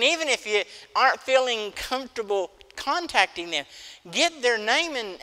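A man's voice: sits high, pushed and bright. A middle-aged man preaching a sermon as pastor, folksy and emphatic, telling stories. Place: church sanctuary. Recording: church hall reverb.

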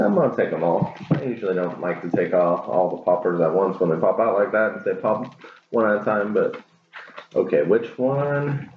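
A man doing a casual tarot reading, chatty, laughing and cussing as he talks. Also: fairly low pitch. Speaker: tarot reader. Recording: lo-fi, phone-like, echoey, faint hiss.

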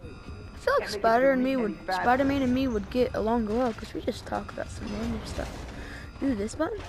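A woman's voice: on the high side, a little fast. A woman giving playful, rambling, silly commentary while she plays a video game. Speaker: gameplay commentator. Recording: voice over loud game music. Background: game music and sound effects.

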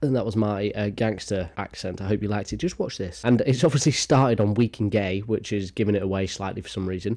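English man, lowish warm voice, crude joking commentator. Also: a little fast. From England. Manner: irreverent, swearing, jokey asides. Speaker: YouTuber commentator. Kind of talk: casual comedic commentary.

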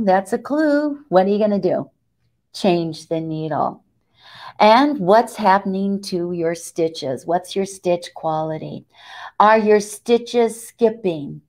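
A middle-aged woman giving a lively sewing tutorial, who asks questions and answers them herself. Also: mid-range voice. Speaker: sewing needle expert. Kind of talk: lively live tutorial talk.

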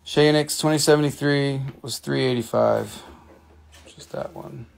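Gravelly American man, playful host. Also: mid-range voice, steady tone, unhurried. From grew up near Washington, D.C. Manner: playful, jokey, swears casually. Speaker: host of a live mineral sales show. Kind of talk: casual live-stream selling chat. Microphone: phone.

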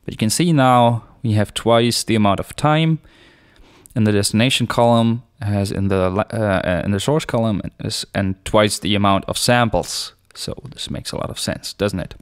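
A man hosting a screencast software tutorial, explaining each step in a relaxed, unscripted way with small fillers. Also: lowish voice, normal speed, smooth, dry recording, studio quality.

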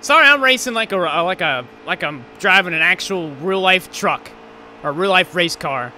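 A man gives live commentary over a racing game and vents his frustration in a steady stream of profanity. His voice sits a little higher than most men's. Loud engine roar from the game runs under everything he says. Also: normal speed. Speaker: gaming channel host. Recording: race car engine noise behind. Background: racing game engine sounds.

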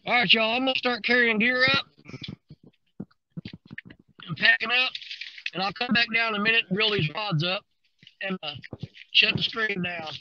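A man, streaming live from a river bank and talking excitedly to his viewers while he fishes. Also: sits high, moderate pace, pauses often, lo-fi sound, a little hiss or hum. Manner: excited, drawling, talks to viewers while reeling. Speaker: fishing livestreamer.

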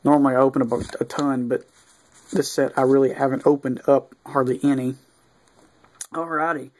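Easygoing man listing cards aloud. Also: fairly high pitch. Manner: easygoing, reads off cards one after another; mildly excited asides with fillers. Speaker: video creator opening card packs. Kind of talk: casual unboxing commentary.

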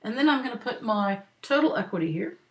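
A woman's voice: fairly high pitch, lively intonation. A woman teaching an accounting lesson over a screen recording, walking students through a worked exercise patiently and checking in often. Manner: patient, talks slowly for note-takers; checks in with frequent "right?" and "okay?". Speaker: accounting instructor. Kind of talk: screen-recorded lecture walkthrough.

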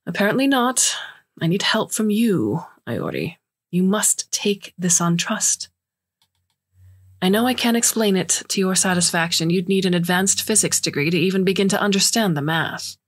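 A woman's voice: mid-range voice, lively intonation, moderate pace, slightly rough. A woman voicing a scheming older female alien scientist who speaks in urgent, clipped lines.

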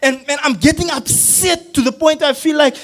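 A preacher whose voice sits very high for a man. He tells his sermon story in loose, slangy talk. He swings from hushed lines to shouted ones. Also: fairly even intonation, normal speed. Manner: casual slangy address.

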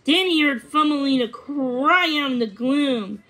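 A woman narrating a storybook read-aloud in a measured, expressive way. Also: sits high, poor audio. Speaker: reader.

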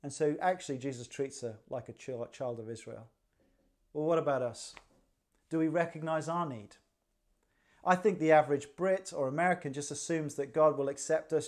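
A man preaches a livestreamed church sermon in a conversational, dryly humorous way, posing rhetorical questions. His voice is on the high side and darkish in tone, at a moderate pace.

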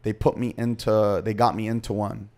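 A man's voice: lowish voice, level tone, normal speed, warm tone. A man as a podcast guest, candidly recounting his own story in short, confessional present-tense bursts.

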